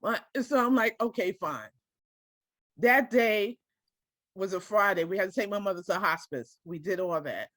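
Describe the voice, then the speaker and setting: A woman's voice: medium pitch, lively intonation, normal speed, fairly bright tone, no room sound, clean studio sound. A woman telling a personal story to a small group, speaking directly and emotionally and often checking that her listeners follow her.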